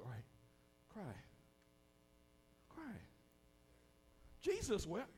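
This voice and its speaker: A man preaching a sermon to a congregation, dropping to a hush and then rising loud again, acting out the voices of the people he quotes in a folksy way. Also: high-pitched, wildly swooping pitch, takes it slowly, husky. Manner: preaching with sudden swings between hushed and loud. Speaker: pastor. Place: church hall with a congregation.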